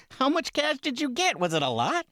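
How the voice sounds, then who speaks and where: A man's voice: extremely high pitch, wildly swooping pitch, moderate pace, pushed and bright, no room sound, studio quality. A man co-hosting a comedic sports podcast, bantering with exasperated, rambling reactions. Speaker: podcast co-host.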